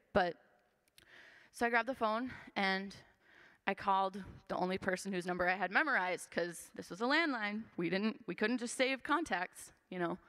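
A woman's voice: medium pitch, fairly bright tone, smooth. A woman in her twenties gives a personal testimony in a church, talking earnestly and conversationally with plenty of fillers. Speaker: church member giving testimony. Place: church sanctuary. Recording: long church hall reverb.

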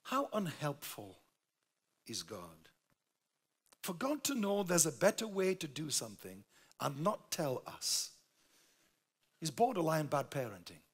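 High-voiced, gravelly Yorkshire preacher. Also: male voice, big pitch swings, normal speed. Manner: emphatic, humorous storytelling. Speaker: pastor. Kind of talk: sermon.

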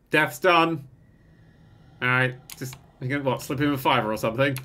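Lively man commentating a game. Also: on the high side, moderate pace, long pauses. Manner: excitable, swearing, bursts into laughter. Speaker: gaming channel host.

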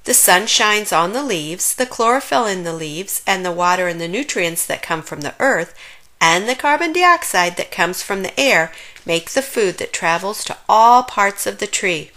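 A woman reading a children's picture book aloud in an expressive, lilting storytelling manner. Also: medium pitch, normal speed. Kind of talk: children's read-aloud narration.

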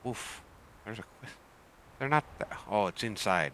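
Lively pirate-talking gamer man. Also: lowish voice, normal speed, long pauses. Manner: playful pirate talk, keeps saying "arr" and "I swear". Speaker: gaming streamer. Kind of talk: casual gameplay commentary.

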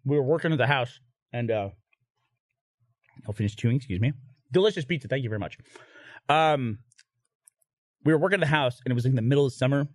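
A man hosting a podcast, telling a story in a casual, animated way, swearing and laughing through it. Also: mid-range voice, fast, long pauses, no echo, studio quality.

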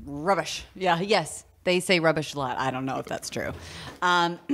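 A woman's voice: low voice, sing-song, moderate pace, fairly bright tone. A woman with a Southern US accent, talking as a guest in a casual interview, chatty and full of laughs and restarts. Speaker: actor, guest.

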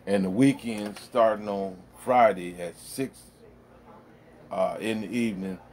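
A man's voice: fairly low pitch, steady tone, measured pace, a little mellow. A middle-aged man rambling bluntly in a casual monologue, full of profanity, recorded at home in his man cave. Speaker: vlogger.

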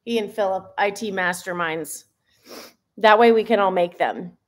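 A woman's voice: mid-range voice, normal speed. A woman hosting a casual live stream, teary and gushing, exclaiming and laughing as she chats with viewers. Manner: gushing, exclaims often, laughs between lines. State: teary, emotional. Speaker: fitness live-stream host.

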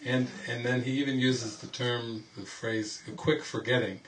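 A spiritual teacher with a mid-range, fairly bright voice speaks at normal speed in a level tone during informal teaching at an indoor retreat gathering. He rambles through anecdotes and laughs often, captured on a distant mic with faint background noise.

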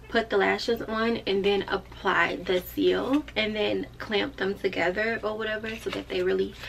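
This woman is a lash tech vlogger talking straight to her audience in a relaxed, friendly, playful way. Her medium-pitched voice has a bit of brightness and sits in a normal middle range. The recording carries faint room sound plus a little hiss or hum.

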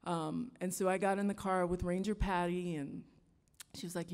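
Woman storyteller, low-ish voice, earnest and halting, live hall with long reverb. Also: steady tone, darkish tone. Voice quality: reflective, earnest, halting with fillers. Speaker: musician and storyteller. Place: stage in a large hall before an audience.

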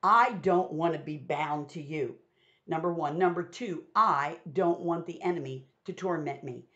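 A woman's voice: low-pitched, unhurried, fairly bright tone. A woman giving a conversational Bible teaching, retelling scripture in everyday modern words. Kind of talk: sermon teaching. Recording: dull lo-fi sound.

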